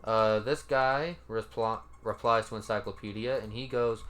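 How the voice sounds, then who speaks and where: A man's voice: on the low side, fairly even intonation, moderate pace, few pauses, fairly bright tone. A man giving casual, laid-back commentary as he reads out comments, cursing now and then and sounding mildly incredulous. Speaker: commentary YouTuber.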